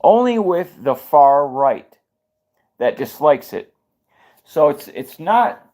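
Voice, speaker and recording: Man, livestream commentary, slightly high voice, heated, rhetorical questions. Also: very animated, slow pace, pauses often, a little mellow. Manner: fired-up, rhetorical questions, restarts mid-sentence.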